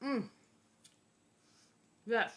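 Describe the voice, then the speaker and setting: A woman's voice: very slow, fairly bright tone. A woman hosting a casual home cooking demo in her kitchen, chatty and playful, exclaiming often. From Los Angeles. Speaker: cooking show host.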